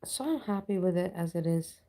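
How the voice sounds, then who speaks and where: Gravelly low-voiced woman ranting on stream. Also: expressive, fairly quick, mellow. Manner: blunt, ranting, reads chat aloud. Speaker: livestreamer chatting with viewers. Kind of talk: casual live-stream chat.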